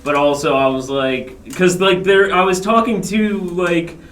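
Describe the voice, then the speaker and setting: A man's voice: high-pitched, measured pace, a bit bright, far from the mic, a little hiss or hum. A man in a band chatting on a casual podcast in a sheepish, chatty way. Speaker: band member guest. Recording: roomy sound from off-mic.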